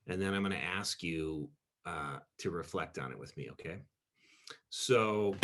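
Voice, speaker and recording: A man's voice: deep voice, a bit bright. A pastor speaking to his group in a casual teaching talk, rambling and self-deprecating and peppering his stories with "you know". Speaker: pastor leading a group discussion.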